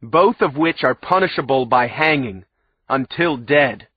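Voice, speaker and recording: A man's voice: medium pitch, animated, measured pace, husky, dry recording, voice pushed up. A man voicing a pompous, fanatical older male judge who bellows his condemnations in an audiobook. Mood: sentencing. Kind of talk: audiobook character voice. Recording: slightly muffled audio.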